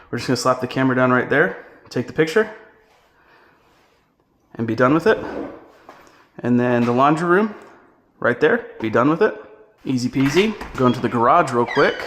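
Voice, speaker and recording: A man giving a relaxed, chatty on-location tutorial, talking through each step while he walks through a house. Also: medium pitch, a little hiss or hum. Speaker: real estate photography instructor. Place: indoors walking through a house.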